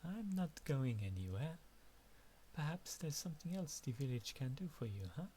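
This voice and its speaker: A man's voice: a little high, very animated, normal speed, mellow, slight background noise, pitched above the performer's own voice. A man voicing an older, evasive village washwoman in a video game, speaking in a guarded, folksy way.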